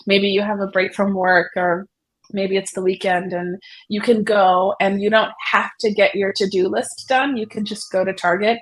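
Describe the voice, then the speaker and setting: A woman psychotherapist, a guest on the show, explaining an idea through a vivid, expressive story told in a conversational way. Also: medium pitch, normal speed, rough recording. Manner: vivid, expressive storyteller who paints scenes for the listener.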